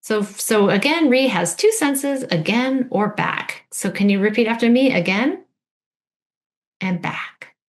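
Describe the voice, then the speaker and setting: A woman's voice: on the high side, animated, normal speed, few pauses. A woman teacher giving an instructional video lesson, patiently modeling words and prompting the listener to repeat.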